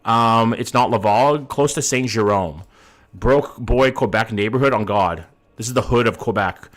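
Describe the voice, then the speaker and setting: A man's voice: mid-range voice, normal speed. A man streaming a game live, thinking aloud in a casual way, swearing now and then and greeting his chat by name.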